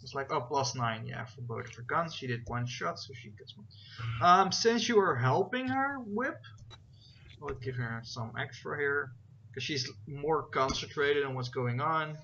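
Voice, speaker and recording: A man's voice: on the high side, expressive, a little slow, gravelly, bright, forceful tone. A man narrating as game master, rambling with many fillers and checking rules aloud as he goes. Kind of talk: narrating a tabletop game over voice chat. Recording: dull, lo-fi voice chat with faint noise.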